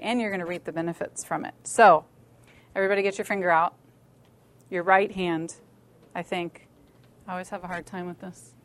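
A middle-aged woman giving a lively, joking and direct talk to young women at a church. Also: mid-range voice. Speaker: women's ministry speaker. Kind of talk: talk to a church youth group.

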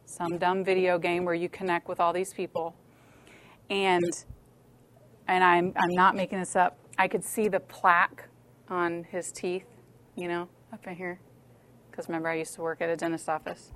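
A middle-aged woman giving a lively, joking and direct talk to young women at a church. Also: on the low side, moderate pace, a little hiss or hum. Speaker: women's ministry speaker. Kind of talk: talk to a church youth group.

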